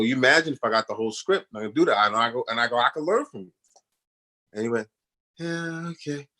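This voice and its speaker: Animated slangy man telling stories. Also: fairly low pitch. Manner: animated storyteller, acts out others' voices in quotes; slangy, repeats "you know what I'm saying". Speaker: guest actor on a radio show. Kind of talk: casual storytelling interview.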